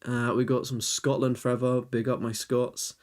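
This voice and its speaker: A man's voice: medium pitch, level tone, normal speed, darkish tone. A young man chatting casually on a live stream, rambling as he reviews viewers' lists and answers chat.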